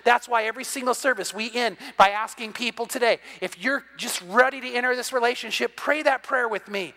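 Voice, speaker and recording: An older man preaching a sermon as pastor, animated and acting out little conversations, often repeating words as he restarts. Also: very high voice, fairly quick, few pauses. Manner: animated, acts out dialogue in quotes, repeats words when restarting. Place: church sanctuary. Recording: long hall reverb.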